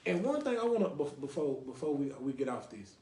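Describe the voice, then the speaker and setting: A man hosts a laid-back podcast, talking in loose runs that keep circling back to "you know what I mean". His voice sits a little high for a man, and it bounces around an echoey room. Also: very animated, fairly quick, darkish tone. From Lake Highlands, North Dallas, Texas. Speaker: podcast host. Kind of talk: casual podcast talk with call-ins.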